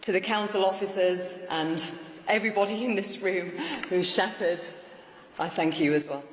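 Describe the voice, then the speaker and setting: A woman's voice: mid-range voice, moderate pace, a little hiss or hum. Woman giving a rousing speech in an echoey hall. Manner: rousing, emphatic, declarative. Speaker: newly elected mayor giving victory speech. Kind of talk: political victory speech. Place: large hall with audience. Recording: echoey hall with faint ambience.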